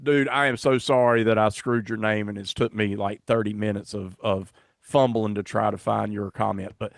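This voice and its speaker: A man's voice: fairly low pitch, steady tone, moderate pace, vocal fry, no echo, clean studio sound. A man hosting a podcast in casual chat, rambling and self-deprecating as he fumbles along. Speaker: podcast host.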